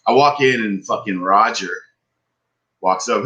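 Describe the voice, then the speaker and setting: A man's voice: on the low side, measured pace, a little hiss or hum, rough recording. A man, podcast co-host, telling a story in casual chat, swearing often and ranting with frustration. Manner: profane, animated, frustrated ranting.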